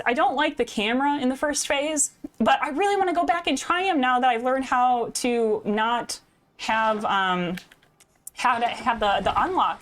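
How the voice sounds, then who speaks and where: A young woman from the American Midwest with a slightly Canadian-leaning Midwestern accent, chatting casually with her live viewers as a game streamer into a desk mic, self-deprecating and quick to laugh. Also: a little high. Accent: Midwestern American with a slight Canadian lean. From Midwest United States. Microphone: desk microphone.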